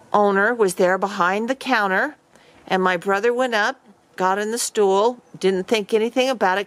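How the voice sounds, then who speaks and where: A woman's voice: medium pitch, fairly bright tone, dry recording. A woman vlogger casually telling a story to camera, rambling with many fillers and restarts.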